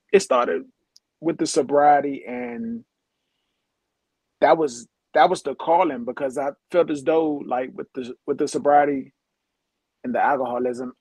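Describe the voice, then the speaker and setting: A man co-hosting a casual faith podcast, speaking haltingly, repeating himself as he searches for words. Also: mid-range voice, a little mellow, husky, no echo. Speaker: podcast co-host.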